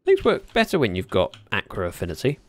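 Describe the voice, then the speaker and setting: A man chatting casually at his desk while livestreaming a game, speaking into a desk microphone, with sudden excited yelps. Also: fairly low pitch, brisk. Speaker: gaming livestreamer. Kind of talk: casual commentary while playing.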